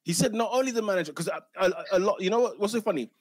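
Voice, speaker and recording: Excitable man. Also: sits high, racing, no room sound. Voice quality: bantering and excitable, full of slang. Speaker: podcast host. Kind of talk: casual football chat.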